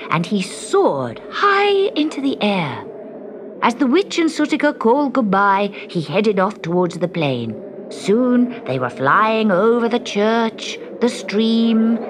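Slow, expressive woman storyteller. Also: mid-range voice, noisy background. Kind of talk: storybook narration. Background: music.

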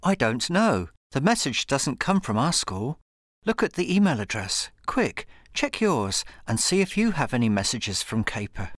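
A man voicing a calm teenage boy who brushes off worry, in a storybook reading. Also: mid-range voice, unhurried, no room sound, studio quality, voice pushed up. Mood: dismissive.

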